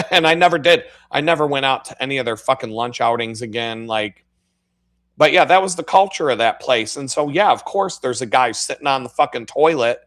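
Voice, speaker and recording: A man hosting a live stream, telling crude workplace stories in casual speech full of swearing. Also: mid-range voice. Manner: crude, swearing, animated storytelling with laughs. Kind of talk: profane casual storytelling.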